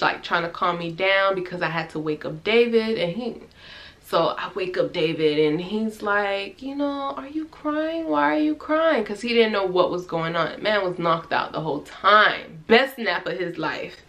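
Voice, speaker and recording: A young woman vlogger telling a personal story in a chatty, animated way, with restarts and quoted dialogue. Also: fairly low pitch. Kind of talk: casual storytelling vlog.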